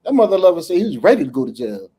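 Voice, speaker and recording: A man co-hosting a casual podcast, telling a story in an animated, profane way and acting out the dialogue. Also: fairly high pitch, very fast. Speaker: podcast co-host.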